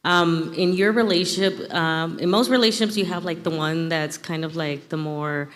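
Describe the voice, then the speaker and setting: A woman's voice: lowish voice, steady tone, moderate pace. A woman in the audience asking a long, rambling question full of filler words. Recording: long hall reverb.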